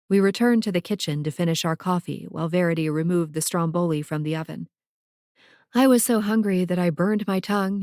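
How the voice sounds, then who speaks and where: Low-voiced woman narrating a novel. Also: a little mellow, dry recording, studio quality. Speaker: audiobook narrator. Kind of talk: first-person fiction narration.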